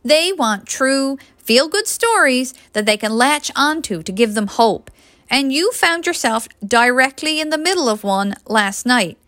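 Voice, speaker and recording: Woman voicing a pushy young woman, teasing, bright and tense, higher voice. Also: animated, a little slow, dry recording. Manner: teasing, pressing.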